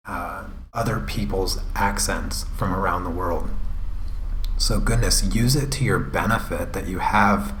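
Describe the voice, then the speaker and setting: A young man chatting on a live stream as the host of an art channel, rambling and halting, with many fillers and restarts. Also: deep voice, a bit bright, echoey room, a little hiss or hum. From United States. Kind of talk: casual live-stream chat.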